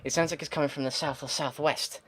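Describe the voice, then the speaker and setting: A man's voice: on the high side, fairly even intonation, fast, a bit bright, breathy edge. Swearing male gaming commentator. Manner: swears often, mutters frustrated asides; thinks aloud, reads text then reacts. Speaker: gaming video host. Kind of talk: let's play commentary, reading game text aloud.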